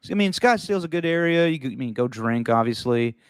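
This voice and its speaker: Smooth-voiced man hosting a sports podcast. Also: medium pitch, lively intonation, quick pace, no echo. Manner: loose, swearing, laughs easily. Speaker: podcast host. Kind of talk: casual sports podcast chat.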